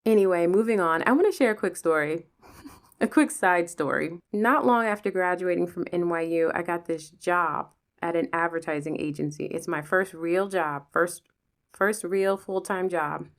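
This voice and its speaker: Telling casual stories from her life on her podcast, a woman from Pennsylvania curses freely and impersonates the people she describes. She speaks at normal speed, her voice on the low side, with an animated delivery.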